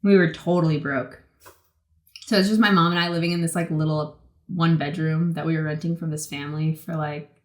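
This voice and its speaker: A woman in her twenties from the Boston area, telling stories in a casual interview, talking fast and loose with lots of "like" and acted-out quotes. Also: low voice, echoey room. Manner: chatty, many "like" fillers, acts out quotes. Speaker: guest, pro skateboarder.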